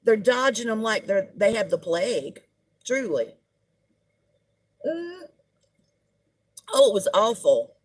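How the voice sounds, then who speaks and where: A woman's voice: mid-range voice, big pitch swings, slow, long pauses. A middle-aged woman, hosting a casual live-stream gossip chat and greeting viewers as she talks. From United States. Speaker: livestream host.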